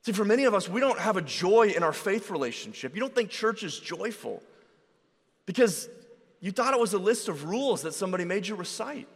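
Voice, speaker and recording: A man preaching a sermon in a relaxed, conversational storytelling way, acting out the voices of people in his stories. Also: sits high, a little fast. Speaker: pastor. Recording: reverberant hall.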